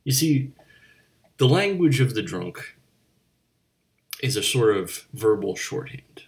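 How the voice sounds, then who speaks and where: A man hosting a comedy bit as a bartender, rambling in a deadpan way with slips and restarts. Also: mid-range voice, takes it slowly. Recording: voice a bit distant from the mic.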